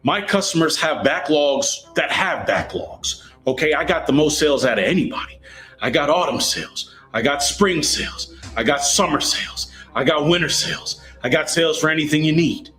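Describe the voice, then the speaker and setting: A man's voice: fairly high pitch, moderate pace, pushed and bright, soft background music. A man voicing a brash, cocky personified game store company in a comedy skit, trash-talking a rival. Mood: boastful.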